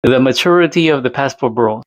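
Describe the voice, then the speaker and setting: A man's voice: medium pitch, a little fast. A man hosting his own channel, ranting to camera in a casual, exasperated way and firing off rhetorical questions. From Latin America. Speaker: channel host responding to another creator.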